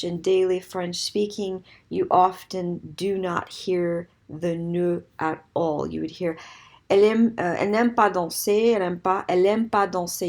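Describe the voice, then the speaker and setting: A woman French teacher giving a recorded grammar lesson, explaining clearly and mixing English with French examples. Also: fairly low pitch.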